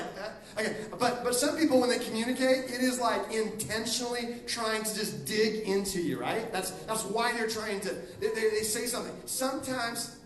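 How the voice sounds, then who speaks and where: A middle-aged man with a high-pitched voice preaches as a guest pastor in a church auditorium, giving a casual, joking sermon. He's animated and acts out little quotes, but the audio is poor, roomy, and from a distant mic.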